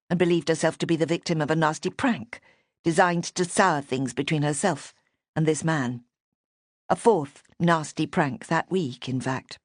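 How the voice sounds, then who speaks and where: Woman audiobook narrator, low deep voice, measured and even, dry close-mic studio sound. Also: dry recording. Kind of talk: scripted narration of a mystery novel. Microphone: close studio microphone.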